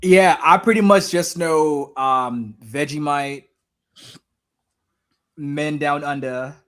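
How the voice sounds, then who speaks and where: A man co-hosting a wrestling podcast, joking and thinking out loud in casual chat. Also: a little high, slow pace. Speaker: podcast co-host.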